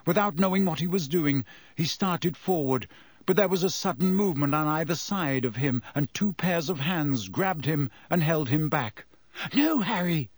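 A man reading a story aloud in measured scripted narration. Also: on the high side, no echo. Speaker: audiobook narrator.

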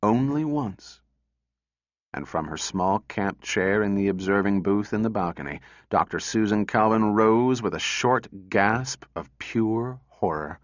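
A man narrating a story in a measured, steady way. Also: lowish voice, no echo, dull audio. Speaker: audiobook narrator. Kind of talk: scripted narration.

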